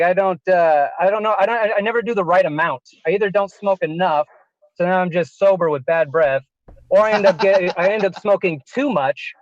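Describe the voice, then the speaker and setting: A man's voice: sits high, dry recording, highs cut off. A man performing a self-deprecating stand-up set, laughing at his own story now and then. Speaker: stand-up comedian.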